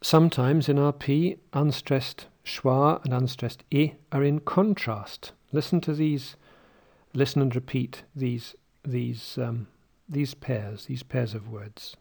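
A man teaching pronunciation, slowly saying words one at a time for listeners to repeat. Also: mid-range voice, vocal fry, darkish tone. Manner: slow, deliberate, says each word on its own; takes words again after a slip. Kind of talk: slow pronunciation drill.

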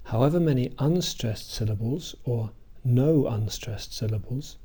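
Guy teaching pronunciation, slow and careful, mellow low-key voice. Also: slightly rough. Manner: slow, careful, deliberate delivery with spoken examples. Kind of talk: scripted instructional narration.

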